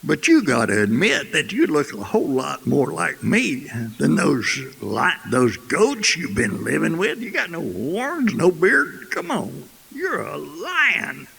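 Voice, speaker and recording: A man voicing a proud, gruff old male lion who bosses a young cub around, in a gravelly folksy drawl. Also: on the high side, huge pitch swings, takes it slowly, few pauses, bright, forceful tone, heavily acted. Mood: coaxing. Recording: echoey hall, faint hiss.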